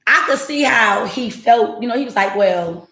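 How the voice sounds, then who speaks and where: A woman's voice: on the high side, moderate pace, pushed and bright. Blunt, profane woman in an echoey room. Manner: blunt and profane, talks straight to the chat. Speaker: podcast host. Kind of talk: casual livestream storytelling. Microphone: home livestream setup.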